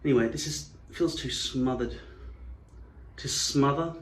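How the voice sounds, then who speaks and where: A man's voice: medium pitch, a little slow. Rambling man in an echoey room. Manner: musing, digressive, wry. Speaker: channel host. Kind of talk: rambling vlog monologue.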